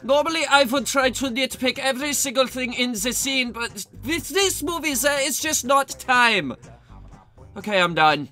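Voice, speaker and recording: High-pitched guy roasting a bad movie, bright sharp tone, sarcastic and fed up, swears a lot. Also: lively intonation, moderate pace, soft background music. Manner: mocking, exasperated, swears, sometimes shouts in outrage. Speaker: movie reviewer. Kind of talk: sarcastic comedic film review commentary.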